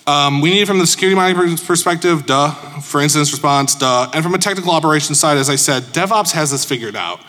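Man from Chicago, conference speaker: bright, slightly high voice, jokey and self-deprecating, hall reverb. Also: animated, fast talker, hardly any pauses. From Chicago, USA. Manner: joking, informal and self-deprecating. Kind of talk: casual conference presentation.

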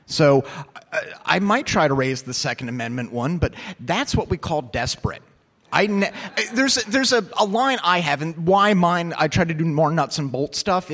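A man's voice: fairly high pitch, a bit bright. A man who is a lawyer, giving a casual, anecdotal talk on computer crime law, acting out quoted voices. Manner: casual and profane, many fillers. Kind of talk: conference talk with audience Q&A.

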